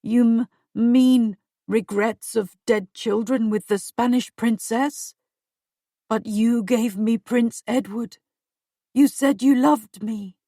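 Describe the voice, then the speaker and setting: A woman's voice: on the high side, mellow, breathy edge, no room sound, clean studio sound, heavily acted. A woman voicing a snivelling dying king. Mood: stammering. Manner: slow, stammering, pleading. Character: dying old king, snivelling, frightened and self-pitying.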